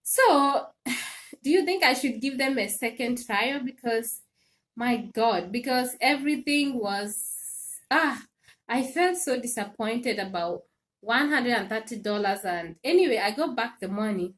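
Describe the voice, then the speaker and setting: A woman hosting a casual livestream, telling an animated story with laughs and repeated phrases. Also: fairly high pitch, unhurried. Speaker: live stream host. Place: home in Sweden.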